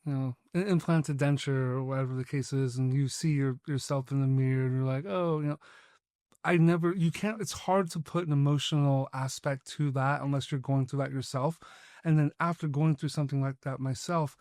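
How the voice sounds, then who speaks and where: A man's voice: mid-range voice, steady tone, fairly quick, darkish tone, no echo, studio quality. A man hosting a podcast, talking casually and loosely with lots of filler words. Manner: loose, full of fillers like "like" and "you know". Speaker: podcast host. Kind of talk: casual interview talk.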